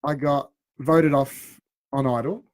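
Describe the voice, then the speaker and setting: A man, a radio co-host in his thirties, telling an anecdote. He talks in a casual, animated way and laughs along at his own story. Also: medium pitch, takes it slowly, dry recording, studio quality.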